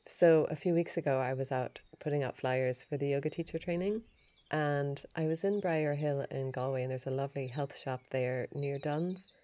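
A woman hosting a yoga and Ayurveda podcast, telling a story in a chatty, animated way. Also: very deep voice, no room sound. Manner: chatty, animated retelling with laughs and restarts.

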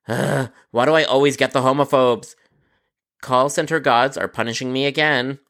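A man narrating his call center stories in a sarcastic, exasperated tone, with deadpan asides. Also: mid-range voice, normal speed. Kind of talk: scripted storytelling narration.

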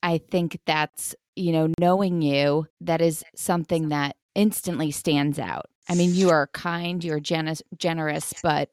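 A woman's voice: low-pitched, fairly even intonation, unhurried, hardly any pauses, smooth, no room sound, studio quality. A woman hosting a podcast interview, affirming her guest in a friendly way. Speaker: podcast host. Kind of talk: interview chat.

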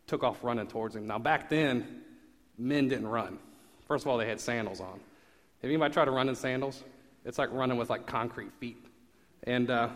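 A man's voice: medium pitch, big-room sound. A man preaching a sermon in a casual, conversational way, asking the congregation questions as he goes.

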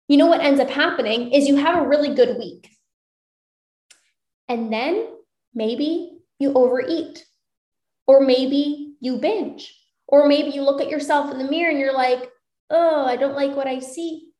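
A woman's voice: high voice, a little mellow, reverberant. A woman coaching viewers on a live stream, upbeat and encouraging, with lots of repetition. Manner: upbeat, encouraging, repeats phrases. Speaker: binge eating coach.

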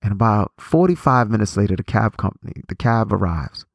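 A man in his forties gives a preachy motivational talk, circling back on phrases and restarting sentences. His voice is low and gravelly. The recording is dry and close to the mic. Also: lively intonation, a little fast, no room sound. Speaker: motivational speaker.

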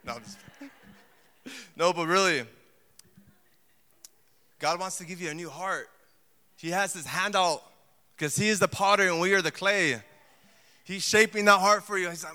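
A man preaching a sermon in a lively, conversational way, full of asides and acted quotes. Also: high voice, moderate pace, long pauses, smooth. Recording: long hall reverb.

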